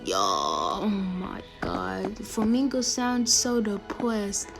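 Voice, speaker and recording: A woman's voice: mid-range voice, animated, drawn-out words, creaky, hardly any pauses, fairly bright tone, faint music behind. A woman giving casual, playful gameplay commentary as a game streamer, teasing other players and often dropping into a whisper.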